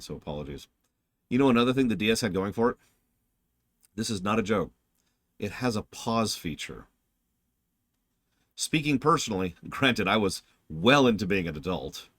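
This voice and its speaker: A man in his forties giving chatty, animated gaming commentary as a streamer, humming along at times. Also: low-pitched, dry recording. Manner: animated, chatty, hums game music.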